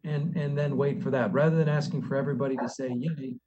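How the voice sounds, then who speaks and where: A man on city staff, explaining procedures and presenting to a board in a virtual public meeting, polite and halting with frequent restarts. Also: mid-range voice, fairly even intonation, lo-fi sound, over a noisy crowd.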